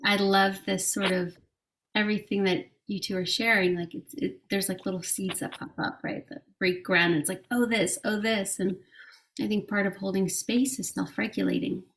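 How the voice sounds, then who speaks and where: A woman guest on a podcast in casual conversation, speaking in a soft, gentle and reflective way. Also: medium pitch, flat delivery, moderate pace, gravelly. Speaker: podcast guest, intuitive reader.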